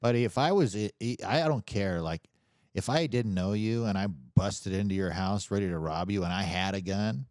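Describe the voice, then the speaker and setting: A man's voice: lowish voice, normal speed, a little mellow, no room sound, clean studio sound. A man co-hosting a comedy podcast, rambling with lots of restarts and chuckles. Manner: rambling, restarts often, chuckles mid-sentence. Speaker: podcast co-host. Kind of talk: casual comedic podcast banter.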